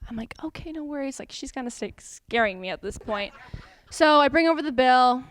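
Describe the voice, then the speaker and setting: A woman's voice: high voice, animated, normal speed, a bit bright. A young adult woman giving a satirical TED-style talk as a student presenter, sarcastic and mock-dramatic, laughing often.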